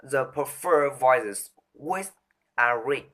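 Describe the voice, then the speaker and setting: A man reciting a speech from memory, halting and restarting often as he stumbles over words. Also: medium pitch, lively intonation, pushed and bright. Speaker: speaker rehearsing a talk on voice.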